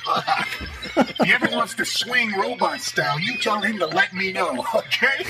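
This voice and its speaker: A man voicing a friendly, chatty male robot with an English accent, rambling and giggling over a loud music bed. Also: sits high, moderate pace. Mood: cheery.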